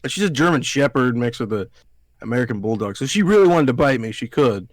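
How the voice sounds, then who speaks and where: This Alabama man co-hosts a podcast, spinning long, cursing tales in casual talk and voicing the people he quotes. His medium-pitched delivery is animated and quick, with no echo.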